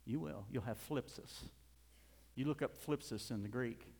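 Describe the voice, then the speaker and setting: In an echoing hall, a middle-aged preacher delivers his sermon at medium pitch and normal speed, his voice creaky and slightly rough. Quiet asides give way to fervent, loud bursts, punctuated by small chuckles.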